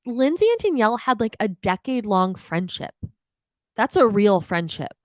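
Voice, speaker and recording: A young adult woman hosts a podcast and talks through a reality show in a loose, animated way. She swears freely and slips into quick impressions of the cast. Her voice sits at a middle pitch, recorded close and dry. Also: no echo. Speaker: podcast host recapping reality TV. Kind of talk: casual opinionated recap.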